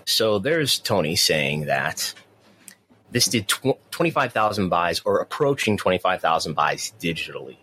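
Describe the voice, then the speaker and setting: A man's voice: deep voice, expressive, moderate pace, sharp tone, a little hiss or hum. A man co-hosting a podcast in casual chat, often repeating his first words as he starts a sentence. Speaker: podcast co-host.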